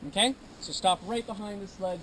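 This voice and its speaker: Guy running a sled dog safety talk outside, high voice, lots of "okay?", noisy outdoor recording. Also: steady tone, fairly quick. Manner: upbeat and joking, ends lines with "okay?". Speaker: sled dog tour guide. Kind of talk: outdoor safety briefing to a group.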